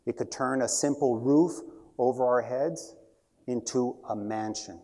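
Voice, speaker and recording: A man's voice: medium pitch, unhurried, darkish tone. Man telling a story in a talk. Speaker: speaker giving a short talk.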